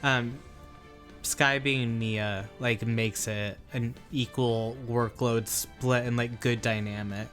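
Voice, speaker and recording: A man's voice: medium pitch, fairly even intonation, slow, a bit bright, faint music behind. A man co-hosting a game stream, teasing and laid-back in casual chat. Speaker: streamer co-host.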